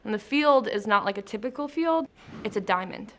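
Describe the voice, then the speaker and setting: A woman's voice: mid-range voice, animated, a little fast, fairly bright tone, a little hiss or hum. A woman in a casual interview, chatty and laughing easily, explaining her post-production job between light questions. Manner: chatty, laughing, filler-heavy. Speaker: post-production traffic manager, interview guest. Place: company studio.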